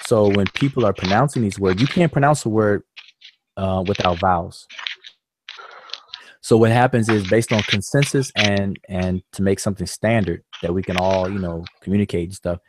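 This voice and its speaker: A man's voice: on the low side, moderate pace, background noise. A man hosting a live-stream discussion, patiently explaining points at length with loose fillers and restarts. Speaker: host.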